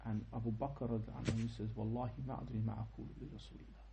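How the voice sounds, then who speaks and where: A young man giving an informal religious lecture, telling a story with lively asides and checking questions to his listeners. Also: lowish voice, very fast, vocal fry, echoey room, a little hiss or hum, poor audio. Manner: animated storytelling, tag questions, quotes in Arabic. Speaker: teacher of a history lesson.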